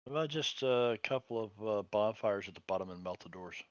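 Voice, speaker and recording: A man's voice: on the low side, lively intonation, a little fast, dry recording, highs cut off. A man playing a tabletop game, chatting in an easygoing, wry way. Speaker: player. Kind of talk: casual tabletop banter.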